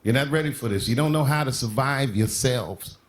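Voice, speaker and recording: A male stand-up comedian doing a monologue. He swings between deadpan and sharp outbursts. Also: medium pitch, fairly quick. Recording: TV broadcast with live audience laughter. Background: studio audience laughing.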